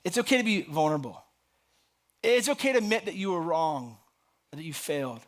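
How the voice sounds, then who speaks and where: A man's voice: fairly high pitch, brisk. A middle-aged man preaching a conversational sermon as a pastor, lifting his voice for the scripture he reads. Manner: conversational and animated, rising sharply on scripture. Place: church sanctuary.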